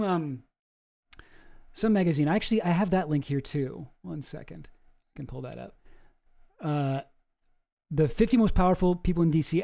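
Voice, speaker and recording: A man's voice: on the high side, gravelly, dark tone. A man streaming, reacting to a video in a rambling, exasperated way and swearing freely. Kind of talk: casual commentary.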